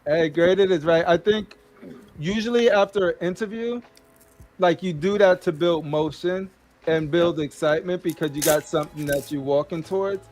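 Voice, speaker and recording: A man's voice: a little high, moderate pace, a little mellow. A man hosting a casual group chat over a video call, laughing often and trading playful trash talk. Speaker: podcast host.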